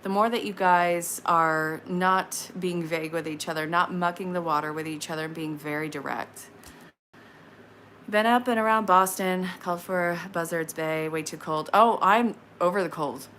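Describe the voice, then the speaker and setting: A woman's voice: on the low side, a bit bright, slight background noise. Chatty woman in her thirties reading tarot. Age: 30s. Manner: chatty, frank, quick asides and laughs. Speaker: tarot reader on a live stream. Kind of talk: casual live-stream tarot reading.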